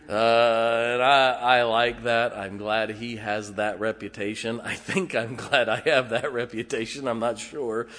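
Middle-aged male pastor preaching in a church, lowish voice, folksy and halting, long hall reverb. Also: a bit bright. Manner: folksy, halting with many fillers. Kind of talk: sermon. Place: church sanctuary.

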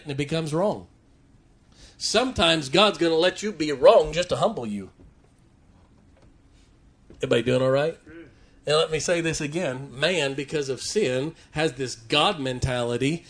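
A man's voice: on the high side, fairly bright tone. A male pastor, preaching a sermon with rising, emphatic declarations and playful asides.

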